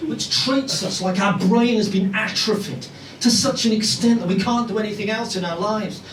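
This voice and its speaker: A man's voice: high-pitched, normal speed, distant mic, a little hiss or hum. A man in his forties doing live stand-up comedy, chatting with the audience. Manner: animated, chatty crowd work with frequent asides to the audience. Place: comedy club in a pub. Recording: roomy live club audio with loud audience laughter.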